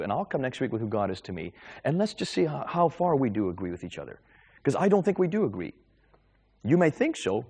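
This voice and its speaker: A middle-aged man giving a talk and answering audience questions about faith, telling stories in a lively, animated way. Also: medium pitch, husky. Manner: animated, lively storytelling with quick repetitions. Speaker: Christian speaker taking audience questions. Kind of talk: lecture with audience Q&A.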